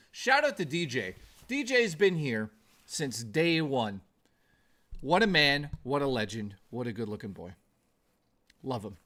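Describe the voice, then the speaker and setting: A man's voice: medium pitch, sharp tone. A man hosting a live stream in a jokey, rambling way, greeting chat viewers by name.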